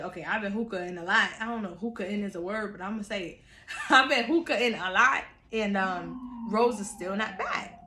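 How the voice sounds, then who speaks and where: A woman telling a personal story in a casual, animated, chatty way, laughing often, in an echoey room. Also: mid-range voice. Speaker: storyteller vlogger.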